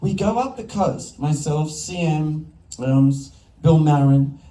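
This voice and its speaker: Speaking slowly in a somewhat high voice, this Australian man, a film director, spins animated stories that keep cutting into themselves. He's on a festival stage in front of an audience, captured by a distant mic in an echoey hall.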